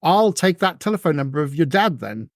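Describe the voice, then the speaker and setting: A stern, burly security guard barks short, brusque orders, his voice pitched a little above the speaker's usual tone, as a man puts him on. The sound is close and dry, with no room around it. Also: very animated, brisk, no room sound. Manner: brusque and commanding.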